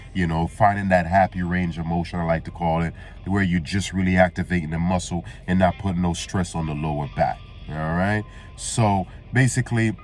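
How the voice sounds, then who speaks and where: A man's voice: low-pitched, darkish tone. A man giving a laid-back workout lesson, congested from allergies and often tagging lines with "man" and "all right?". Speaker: fitness trainer. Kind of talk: casual workout instruction.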